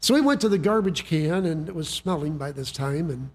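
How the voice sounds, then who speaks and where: A man's voice: fairly high pitch, expressive, fairly quick, slightly rough. A man preaching a sermon, telling a story in a folksy way with frequent restarts and repeated words. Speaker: pastor.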